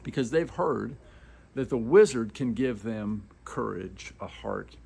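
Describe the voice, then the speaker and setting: A man's voice: mid-range voice, animated, slow pace, vocal fry, darkish tone, husky. A man speaking as a motivational speaker, telling a story casually and putting rhetorical questions to the listener.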